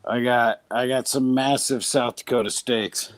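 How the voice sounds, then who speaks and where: A man's voice: mid-range voice, steady tone, a little slow, dry recording. A man chatting casually on a live stream, speaking in a blunt, plain way.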